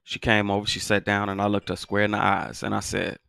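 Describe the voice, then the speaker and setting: Gravelly emphatic dad talking to camera. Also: male voice, lowish voice, fairly even intonation, quick pace, few pauses, pushed and bright, dry recording. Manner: emphatic, repeats phrases for stress; folksy, talks straight to viewers. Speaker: father giving parenting advice. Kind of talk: casual monologue to camera.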